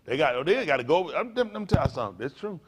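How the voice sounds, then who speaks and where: An older man preaching to a congregation, in a folksy, playful way with sudden loud bursts. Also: on the high side, big pitch swings, quick pace, slightly rough. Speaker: pastor.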